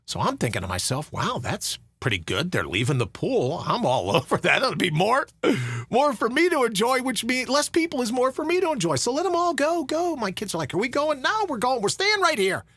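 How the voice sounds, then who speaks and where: Animated middle-aged man telling a story. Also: very high voice, fairly quick, breathy edge, no echo. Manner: animated, acts out other people's lines. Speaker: podcast host. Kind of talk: storytelling monologue.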